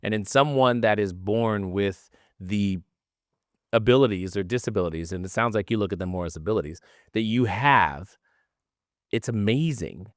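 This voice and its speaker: Low-voiced man hosting a podcast. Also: normal speed, dry recording, clean studio sound. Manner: rambling, searching questions. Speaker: podcast host. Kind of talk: casual interview.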